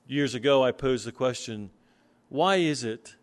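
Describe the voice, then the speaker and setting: Slow, earnest male preacher. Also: mid-range voice. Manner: earnest, explanatory, reads scripture slowly. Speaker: pastor. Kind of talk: sermon.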